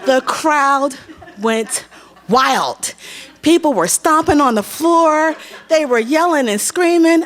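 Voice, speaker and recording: A woman's voice: high voice, slow pace. A young woman from Pennsylvania tells a personal story live on a theater stage, acting out the voices of the people in it. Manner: animated, acts out other people's voices.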